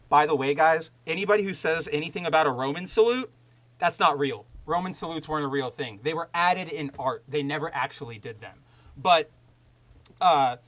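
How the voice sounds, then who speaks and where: On a low-quality recording, a podcast host with a voice on the high side rambles and rants during a casual chat with live chat. He's animated and swears a lot, his talk loose and full of fillers and restarts.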